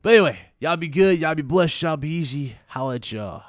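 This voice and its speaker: A man hosting a gaming stream, chatting casually and giving laid-back shout-outs. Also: a little high, lively intonation, a little fast, no room sound, clean studio sound. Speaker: stream host.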